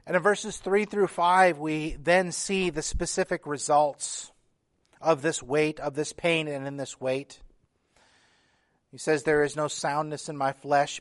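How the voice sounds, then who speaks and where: A man's voice: on the high side, fairly even intonation, measured pace. A man preaching a sermon as pastor, earnest and emphatic, reading scripture aloud with feeling. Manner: earnest preaching, building emphasis with repeated phrases.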